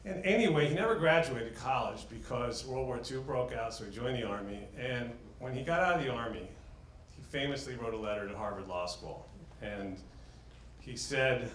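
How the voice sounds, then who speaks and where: A man's voice: lowish voice, moderate pace, fairly bright tone, slight background noise. Chatty man telling stories in a roomy hall. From New York. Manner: chatty, self-deprecating humor. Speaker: talk speaker. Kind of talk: personal storytelling talk. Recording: roomy echo.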